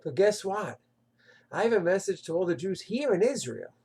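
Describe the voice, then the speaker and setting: Animated husky man preaching Torah. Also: high-pitched, moderate pace. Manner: rhetorical, animated, swings into mocking quoted voices. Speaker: Torah teacher. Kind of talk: short impassioned Torah talk. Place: Israel.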